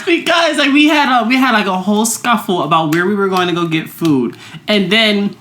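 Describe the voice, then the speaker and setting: A young woman from the United States co-hosting a podcast, telling stories in a casual chat and jumping into high quoted voices. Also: measured pace, slight background noise. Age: young adult. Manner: animated storytelling, swings into high voices when quoting herself. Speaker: podcast co-host. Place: indoor room at home.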